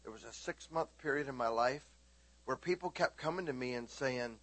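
A man preaching a sermon, animated, swinging between loud exclaiming and hushed talk. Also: mid-range voice, moderate pace, no echo.

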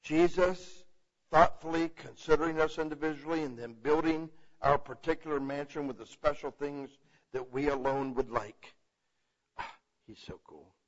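Speaking at a normal speed in a slightly high voice, a preacher walks through the Bible conversationally. He's animated and repeatedly asks "okay?" to bring listeners along, on a muffled lo-fi recording.

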